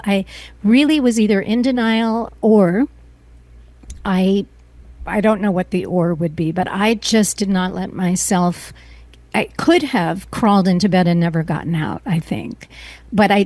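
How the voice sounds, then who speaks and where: A middle-aged woman as an interview guest, speaking earnestly and emotionally, often pausing and restarting her sentences. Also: medium pitch, darkish tone, no room sound. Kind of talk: personal interview.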